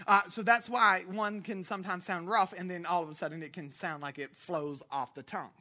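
A pastor with a bright, forceful voice delivers a lively sermon. The talk swings from joking asides to shouted emphasis, full of "uh" fillers and quick self-corrections. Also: mid-range voice. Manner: animated, jokey, rising to shouts for emphasis.

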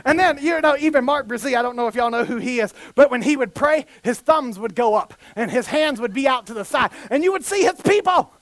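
Male preacher, very high pitched, dry close sound; fervent sermon delivery, punchy rhetorical questions. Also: a little fast, hardly any pauses, dry recording. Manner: fervent, rises to shouts, asks rhetorical questions.

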